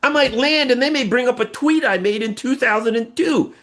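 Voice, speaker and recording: A man's voice: extremely high pitch, a little fast. A man from the United States, a political commentator talking casually and emphatically, acting out what others say. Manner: animated, emphatic, acts out quoted voices.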